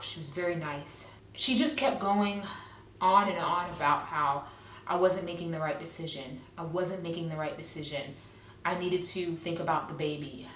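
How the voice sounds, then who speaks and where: A woman in her thirties recounts a personal memory in a loose, conversational vlog style, her voice sitting on the low side. She leans on fillers and circles back to repeat herself. The recording sounds roomy and echoey, with her a bit off from the mic. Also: a bit bright, far from the mic. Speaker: vlogger. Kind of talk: personal story, casual.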